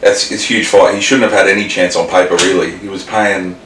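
A very deep-voiced Australian man rambles through a casual podcast chat, full of swearing and restarts. He sits well back from the mic in a roomy space. A faint hiss sits under his voice. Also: steady tone, a little fast, fairly bright tone, far from the mic. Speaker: podcast co-host.

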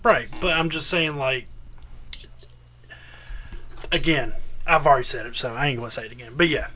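Bright-voiced Southern man rambling. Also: mid-range voice, moderate pace, slight background noise. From American South. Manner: rambling, laughs often, swears freely. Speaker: podcast co-host. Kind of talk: casual chat.

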